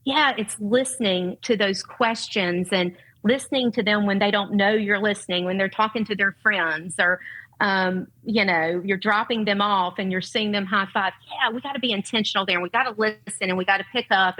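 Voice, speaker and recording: A middle-aged woman with a Southern US accent, a parent and educator, appears as a podcast guest, speaking in an earnest, heartfelt, faith-centered way. Her medium-pitched voice is pushed and bright, with fairly even intonation at normal speed, and the recording is rough.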